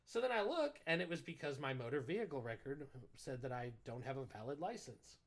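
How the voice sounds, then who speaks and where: A man's voice: mid-range voice, brisk. A man co-hosting a podcast, telling a story in a casual, exasperated rant full of profanity. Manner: animated, exasperated ranting with profanity. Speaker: podcast co-host.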